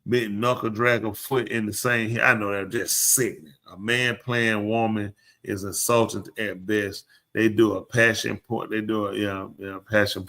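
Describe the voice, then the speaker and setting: A man's voice: fairly low pitch, fairly bright tone. A man hosting a live podcast show, ranting bluntly and opinionatedly in casual chat and addressing the people around him. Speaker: podcast host.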